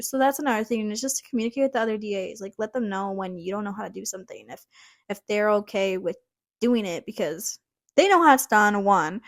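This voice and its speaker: A young woman telling a story in a casual vlog about her job as a dental assistant, chatty and animated, acting out what people said. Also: medium pitch, normal speed. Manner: chatty, animated, acts out quotes.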